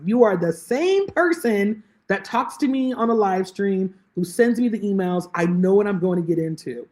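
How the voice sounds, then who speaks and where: Woman guest on a video call, lively storyteller, acts out dialogue. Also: mid-range voice. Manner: animated storyteller, acts out quoted exchanges. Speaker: guest, lead generation specialist. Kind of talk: conversational interview.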